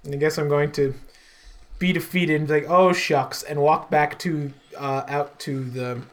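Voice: mid-range voice, steady tone, normal speed. A tabletop game player talking casually and eagerly, thinking aloud about what to do next.

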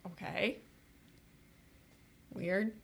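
A woman playing a tabletop game, asking quick, joking questions. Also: fairly low pitch, steady tone, vocal fry, a bit bright, husky. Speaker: player. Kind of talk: casual tabletop play.

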